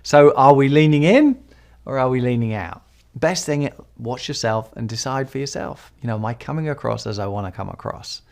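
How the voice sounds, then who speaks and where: A man's voice: normal speed, creaky. A man giving conversational advice as a speaking coach on a podcast, often adding tag questions. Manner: conversational, tag questions, animated pitch swings.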